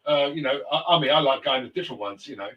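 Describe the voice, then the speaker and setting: A man's voice: mid-range voice, rapid-fire, dull audio. A man hosting a casual talk show, telling stories in a rambling way with many restarts and fillers. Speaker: host. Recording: roomy, distant mic.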